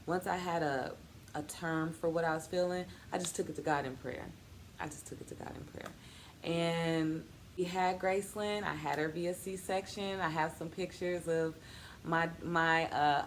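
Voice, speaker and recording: A woman's voice: sits low, slight background noise. A woman in her thirties sharing a personal testimony in a vlog, earnest and faith-filled, acting out the people in her story as she tells it. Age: 30s. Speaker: vlogger.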